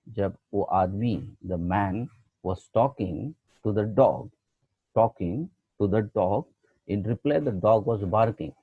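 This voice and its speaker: A man teaches young pupils online, asking simple questions at an unhurried pace in a somewhat husky voice. The recording is dry and tinny, like a phone line. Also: fairly low pitch, dry recording. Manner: slow, patient questions to pupils, mixing in Hindi phrases. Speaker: schoolteacher. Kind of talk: online class lesson for children.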